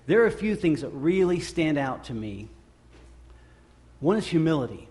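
A man's voice: a little high, very animated, moderate pace, a little mellow. A man in his thirties preaching a sermon, earnest and conversational, often repeating phrases for emphasis. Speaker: pastor.

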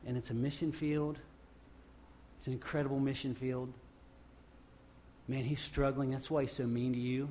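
A male pastor preaching a sermon off the cuff, swinging from loud emphatic bursts to quiet low passages and often restarting his phrases. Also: level tone, normal speed, long pauses, a little hiss or hum. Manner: repeats and restarts phrases while speaking off the cuff.

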